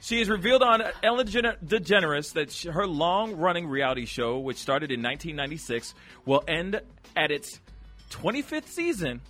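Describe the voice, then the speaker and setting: A man hosting a radio show, chatting casually and addressing the listeners directly with slangy, animated talk. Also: a little high, normal speed, faint music behind. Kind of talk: casual chat.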